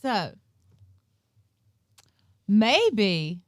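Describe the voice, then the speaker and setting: A woman's voice: medium pitch, wildly swooping pitch, very slow, no echo, studio quality. A woman co-hosting a podcast in casual chat, adding wry side remarks. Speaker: podcast co-host.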